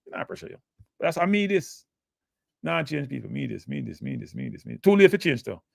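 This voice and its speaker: A man's voice: fairly high pitch, sing-song, fairly quick, vocal fry, no echo, studio quality. A Jamaican man hosting a live football talk show, blunt and emotive, answering chat comments.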